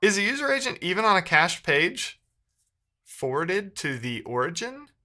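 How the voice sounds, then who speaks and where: A man's voice: sits high, big pitch swings, moderate pace, bright, forceful tone. A man live-streaming while he codes, chatting casually with viewers and thinking aloud, often second-guessing himself mid-sentence.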